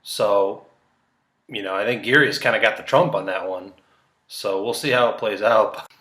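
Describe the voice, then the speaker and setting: A man's voice: lowish voice, normal speed, bright, forceful tone, roomy sound. A young man doing casual solo chess commentary, rambling and joking with frequent laughs, tired late at night.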